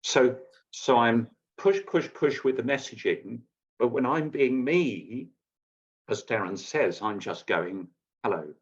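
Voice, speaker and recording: A man, a former news anchor, giving measured, precise presenting advice in a live online session. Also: medium pitch, expressive. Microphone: video call. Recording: dull lo-fi call audio.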